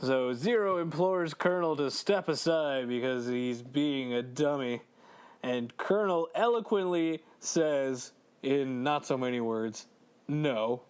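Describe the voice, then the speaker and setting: A man co-hosting a podcast in casual chat, excitable, swearing and laughing as he talks through a game. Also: mid-range voice, unhurried, smooth. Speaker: podcast co-host.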